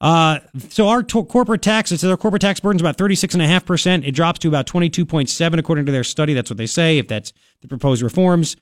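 A man's voice: on the high side, rapid-fire, few pauses, dry recording. A man hosting a talk radio show, rambling and opinionated with a sarcastic edge, speaking into a studio microphone. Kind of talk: casual talk radio commentary.

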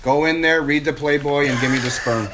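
A man's voice: fairly high pitch, steady tone, fairly quick, noisy background. A man from Ontario, a podcast guest telling crude jokes and acting out silly voices. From Ontario, Canada. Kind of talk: casual banter.

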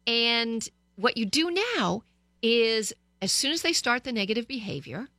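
A woman hosting a radio talk show, giving parenting advice to listeners in a lively, storytelling way, speaking into a studio microphone. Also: fairly high pitch, measured pace, dry recording.

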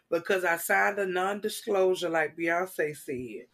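A woman, guesting on a casual chat podcast and telling funny stories with animated quoted voices. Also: lowish voice, a little slow. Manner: animated, acts out quotes, laughs loudly.

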